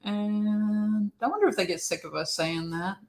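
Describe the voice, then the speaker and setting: A woman's voice: medium pitch, moderate pace, creaky. A woman co-hosting a casual live stream, friendly, laughing often and greeting viewers by name.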